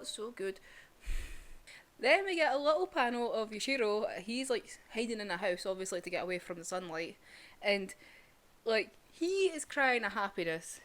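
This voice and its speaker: Young woman gushing over a manga chapter, fairly high voice, lots of "like"s. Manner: gushing, excitable, filler-heavy. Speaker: manga reviewer. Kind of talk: casual chapter review.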